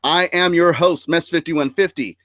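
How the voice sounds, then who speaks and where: A man hosts a casual, live-streamed nerd podcast, sounding upbeat and chatty, laughing often and using fillers. His voice is on the high side and a bit bright, at a moderate pace with no echo.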